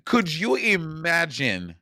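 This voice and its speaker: A man chatting playfully, his pitch jumping up and down as he teases and reacts. The sound is dry and close, with no room around it. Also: huge pitch swings, vocal fry, sharp tone, dry recording. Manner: playful, teasing, quick reactions. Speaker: podcast co-host. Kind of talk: casual recap chat.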